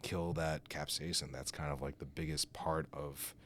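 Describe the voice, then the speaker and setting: A man's voice: very deep voice, flat delivery, moderate pace, a bit bright, a little hiss or hum. A man guesting on a podcast, telling stories in a rambling, casual way full of fillers. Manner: rambling, filler-heavy storytelling with laughs. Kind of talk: casual chat.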